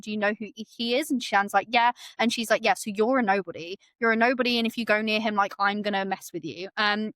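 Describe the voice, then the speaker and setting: A woman's voice: medium pitch, dry recording. Chatty woman retelling a book. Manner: animated retelling, acts out quotes, many fillers. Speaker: book podcast host. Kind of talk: casual book recap chat.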